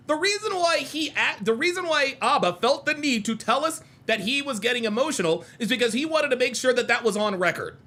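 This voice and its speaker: A man hosting a reaction video, talking in an animated, mocking and profane way and repeating himself for emphasis. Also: very high voice. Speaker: host reacting to clips. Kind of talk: reaction commentary.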